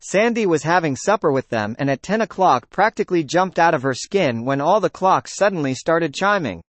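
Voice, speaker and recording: Higher-voiced man narrating a documentary anecdote. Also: expressive, normal speed, no room sound. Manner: storytelling that voices quoted dialogue.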